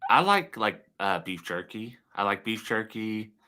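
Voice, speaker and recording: A man with a low, very bright and forceful voice, chatting casually as a podcast co-host. He talks in a relaxed, halting way, full of fillers, with his pitch rising and falling a lot. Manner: relaxed, hesitant, lots of fillers. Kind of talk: casual chat.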